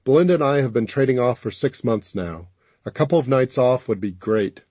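A man reading an audiobook, voicing a practical, overworked country doctor who speaks in a calm, matter-of-fact way. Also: medium pitch, brisk, husky, no echo.

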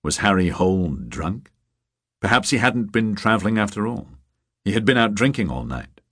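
A man narrating a thriller audiobook in a measured, even storytelling manner. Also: on the low side, slightly rough. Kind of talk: scripted narration. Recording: dry close studio sound.

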